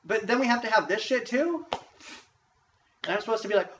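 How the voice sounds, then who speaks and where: A man rants in a profane, emphatic vlog monologue, his voice sitting a little high. He sounds set back from the mic in an echoey room. The recording is dull and lo-fi, with a faint hiss behind him. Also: big pitch swings, fast, vocal fry, far from the mic. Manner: frustrated, profane, emphatic ranting. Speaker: vlogger.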